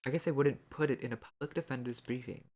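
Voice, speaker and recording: A streamer voicing a weary old male homicide detective who reads game dialogue aloud in a slow drawl. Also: medium pitch, a little mellow, a little hiss or hum, natural voice. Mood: warning.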